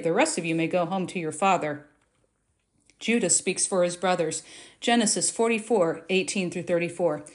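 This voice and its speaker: A woman's voice: medium pitch, darkish tone. A woman reading Bible scripture aloud, lifting her voice for the quoted speech. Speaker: Bible reader.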